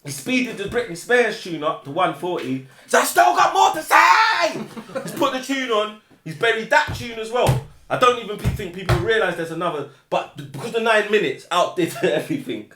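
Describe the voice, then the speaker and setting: A man tells a rambling story in thick slang. His voice is a bit high and swings widely as he shouts out other people's lines. The room around him is echoey. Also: fairly quick, few pauses, over music. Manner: animated, acts out shouted quotes, slang-heavy. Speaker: guest storyteller. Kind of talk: casual anecdote.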